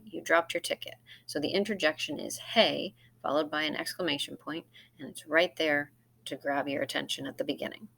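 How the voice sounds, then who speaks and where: A woman's voice: low voice, a bit bright. A middle-aged woman teacher giving a recorded grammar lesson over slides, explaining step by step in a friendly way. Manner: friendly, explaining step by step with acted example lines.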